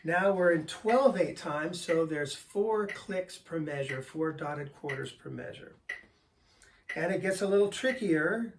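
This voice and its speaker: An older male drum teacher talks patiently through each exercise and counts the beats aloud in a fairly high voice. He sits a bit back from the mic, and faint noise hums behind him. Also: unhurried, recorded from a distance. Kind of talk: instructional explanation. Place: drum studio.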